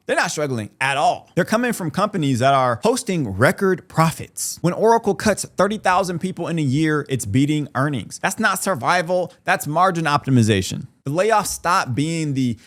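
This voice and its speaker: A man hosting a commentary, talking straight to his viewers in a lively, casual way. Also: on the high side. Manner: lively, addresses viewers as y'all. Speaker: host.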